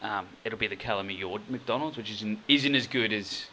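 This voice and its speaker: A man's voice: fairly low pitch, moderate pace, bright, forceful tone, a little hiss or hum. A man co-hosting a podcast, telling a rambling story in casual chat and laughing easily. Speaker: podcast co-host.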